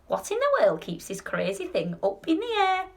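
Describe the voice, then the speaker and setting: A cranky old grandmother from a children's storybook, put on by a woman reading aloud. Her voice sits high and croaky. She sounds suspicious and cross. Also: wildly swooping pitch, moderate pace, exaggerated voice.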